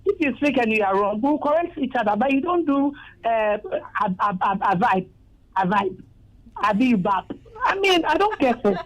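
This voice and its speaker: A middle-aged woman with a Ghanaian English accent calling in to a radio show, speaking in an animated, firm and opinionated way. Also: a little high, moderate pace. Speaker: caller. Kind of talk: phone-in call. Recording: telephone line.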